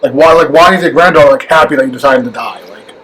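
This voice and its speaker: Male co-host, quick and higher-pitched, exasperated casual rants, faint background hum. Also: fairly bright tone, poor audio. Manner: fast, filler-heavy, exasperated rants. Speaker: podcast co-host. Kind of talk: casual chat.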